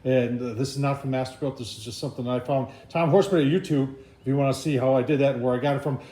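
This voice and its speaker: A man hosting a casual cooking vlog talks fast in a warm, mid-range voice. He's folksy and chatty, often calling his viewers "folks."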